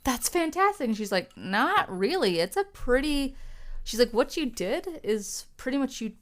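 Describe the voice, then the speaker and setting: Woman podcast co-host, casual and animated, tells stories and does quick voices for the people in them. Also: fairly high pitch. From United States. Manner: animated storytelling, acts out quoted voices. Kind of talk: casual chat.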